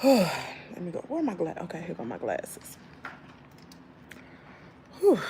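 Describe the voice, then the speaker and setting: A tired woman in her thirties with a Southern US accent, venting in casual chat to her viewers, swinging from loud exclaims to low muttering. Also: sing-song, measured pace, gravelly, pauses often, music in the background. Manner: folksy slangy talk, addresses viewers as y'all. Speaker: channel host.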